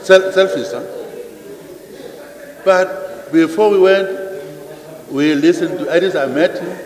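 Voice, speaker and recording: A man's voice: sits high, takes it slowly. An older man answering parliament off the cuff, repeating phrases and putting questions to the room. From Namibia. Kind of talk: unscripted parliamentary address. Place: large parliament chamber. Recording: echoey chamber with long reverb.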